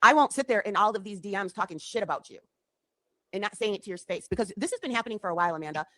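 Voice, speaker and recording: Fast-talking woman ranting on a livestream. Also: mid-range voice, expressive, a bit bright, no echo. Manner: heated, accusing, profane. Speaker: livestreamer in a clip. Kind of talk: confrontational livestream rant. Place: home.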